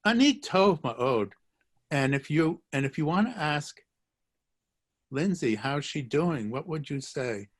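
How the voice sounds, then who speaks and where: A man's voice: on the high side, unhurried. A man teaching a live online language lesson, joking, encouraging and repeating phrases for his students. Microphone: video call.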